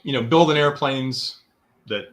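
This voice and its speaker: A man's voice: medium pitch, a little slow, a bit bright. A man in his sixties, a guest in a casual interview, telling long anecdotes and acting out other people's quotes with a raised voice. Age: 60s.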